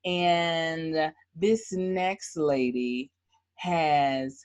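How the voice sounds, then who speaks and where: A woman hosts a casual reunion chat. Her voice sits low, and she talks slowly and laughs easily. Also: darkish tone. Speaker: host. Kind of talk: casual group video chat.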